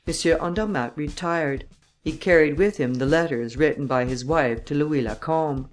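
A woman narrating an audiobook in a steady, measured way. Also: deep voice, faint music behind.

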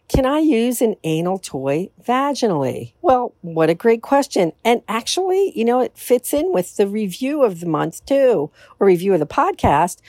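A woman's voice: medium pitch, a little mellow, no echo, clean studio sound. A woman hosting a casual solo podcast, talking in a candid, self-assured way. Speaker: podcast host.

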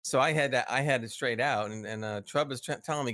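A man's voice: medium pitch, a little fast, bright, forceful tone, no room sound, clean studio sound. A man on a podcast, casually telling a gaming story with chuckles and friendly asides. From United States. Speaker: podcast co-host. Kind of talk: casual chat.

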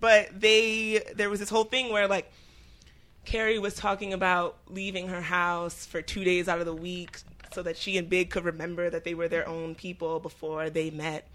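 A woman's voice: on the low side, little pitch movement, normal speed, a bit bright. A woman co-hosting a casual podcast chat, speaking bluntly and expressively. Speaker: podcast co-host.

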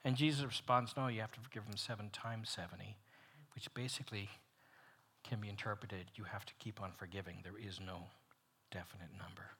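A man leading a men's Bible study, teaching in an animated way, loud on emphatic points and dropping almost to a whisper on others. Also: lowish voice, a little fast, slight background noise.

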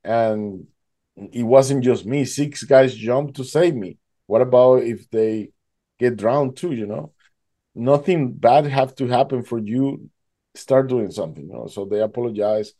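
Guest, male, halting storyteller, mellow warm tone. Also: mid-range voice. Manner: halting, fills with "like" and "you know". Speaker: guest telling his survival story. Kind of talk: emotional personal storytelling.

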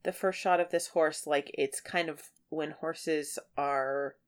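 A woman's voice: sits low, fairly even intonation, slow. A woman co-hosting a casual podcast chat, talking in a loose, chatty way with many fillers, and sometimes reading passages aloud. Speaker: podcast co-host.

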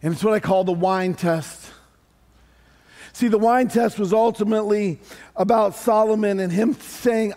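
Animated high-voiced male pastor preaching. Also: unhurried. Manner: animated, conversational preaching with humorous asides. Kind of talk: sermon.

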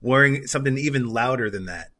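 Male co-host, mid-pitched, wry sidekick who tosses in jokey add-ons. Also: fast talker, pushed and bright. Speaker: podcast co-host. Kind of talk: casual movie-recap chat.

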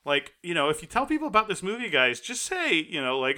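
A man co-hosting a casual podcast chat, retelling a film with excited, animated quoted reactions. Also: high voice, fairly quick. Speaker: podcast co-host.

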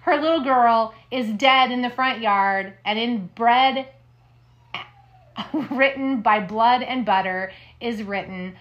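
A woman co-hosting a podcast, chatting casually and telling a campfire ghost story with dramatic hushed moments. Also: fairly high pitch, slow, highs cut off. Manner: dramatic, drops to hushed tones for spooky parts. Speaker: podcast co-host.

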